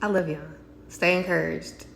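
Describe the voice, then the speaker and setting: A woman talking casually and excitedly to her viewers in a faith vlog, chatty and direct. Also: fairly low pitch, normal speed, creaky, a little hiss or hum. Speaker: faith vlogger. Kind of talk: casual devotional vlog talk.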